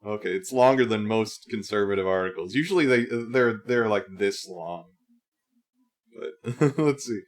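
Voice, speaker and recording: A man's voice: fairly low pitch, normal speed. A man hosting a livestream, casually reacting to videos with dry, mocking remarks and frequent laughter.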